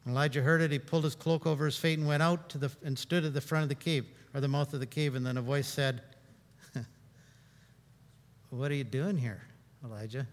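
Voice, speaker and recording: A man preaching a sermon in a conversational, humorous way, swinging between loud and hushed. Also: on the high side, steady tone, quick pace, big-room sound.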